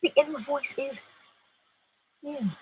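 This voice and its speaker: A middle-aged woman giving an inspirational spiritual talk, expressive, moving between loud and hushed phrases. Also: high voice, slow, a little hiss or hum, rough recording. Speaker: spiritual teacher.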